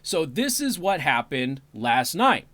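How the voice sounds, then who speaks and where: A man's voice: fairly high pitch, very animated, slow, a bit bright, dry recording. A man hosting a talk show, chatting casually with listeners and turning sarcastic on political topics. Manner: sarcastic, apologetic asides, breaks into laughter. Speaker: radio talk show host. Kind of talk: casual livestream commentary.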